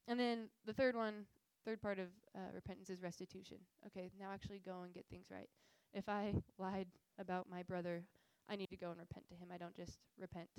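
A woman's voice: mid-range voice, gravelly, no room sound, poor audio. Earnest young woman giving a faith talk. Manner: earnest, animated storytelling with frequent fillers. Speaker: missions speaker. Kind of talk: casual faith talk with slides.

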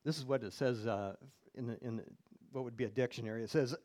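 A man's voice: medium pitch, quick pace, darkish tone. A male pastor preaching a sermon in church, reading scripture aloud and putting questions to the congregation.

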